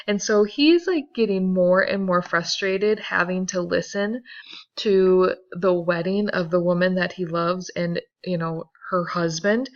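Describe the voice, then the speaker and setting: A woman teacher explaining a novel to a class, chatty and animated, with many fillers. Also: on the low side, muffled recording. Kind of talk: classroom reading and commentary.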